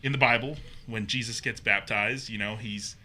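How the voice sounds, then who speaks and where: A man guest on a podcast, telling a personal story in a casual, animated way, acting out the voices he quotes and using plenty of fillers. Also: lowish voice, moderate pace. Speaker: podcast guest, haunted maze builder.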